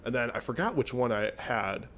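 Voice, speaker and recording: A man's voice: mid-range voice, expressive, moderate pace, a bit bright. A young man co-hosting a podcast, chatting casually, laughing and swearing freely as he reacts and tells his own story. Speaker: podcast co-host. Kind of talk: casual chat.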